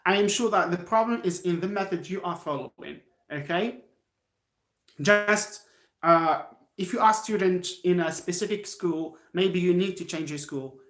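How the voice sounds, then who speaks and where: A man's voice: high-pitched, normal speed, a bit bright, echoey room. An Algerian man with an Algerian accent, a non-native English speaker, giving a live-stream English lesson from home in an encouraging, repetitive way while answering chat. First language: Algerian Arabic. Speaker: English teacher. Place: his home.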